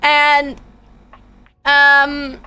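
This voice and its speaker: A woman's voice: sits high, completely flat delivery, drawn-out words, bright, forceful tone. A woman streamer telling a personal story in casual chat, stammering and swearing freely, with faint music behind her.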